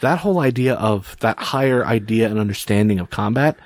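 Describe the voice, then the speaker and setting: A middle-aged man chatting on a podcast, musing and animated, taking off on tangents. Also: lowish voice, brisk, no room sound. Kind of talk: casual chat.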